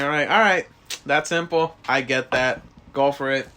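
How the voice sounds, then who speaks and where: A man's voice: mid-range voice, moderate pace, bright, forceful tone. A young man co-hosting a casual podcast, crude and joking, ranting with mocking impressions. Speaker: podcast co-host. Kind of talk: casual chat.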